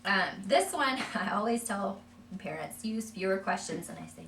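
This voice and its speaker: A woman's voice: mid-range voice, expressive, moderate pace, fairly bright tone. A woman speech therapist casually explaining language strategies to parents in a small group, with lots of fillers. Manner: conversational, many fillers. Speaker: early childhood speech therapist. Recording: echoey room, from far off, background noise.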